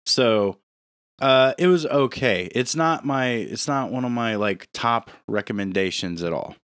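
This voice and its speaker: A man co-hosting a podcast in casual chat, pausing and searching for his words. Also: medium pitch, fairly bright tone, dry recording, studio quality. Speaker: podcast co-host.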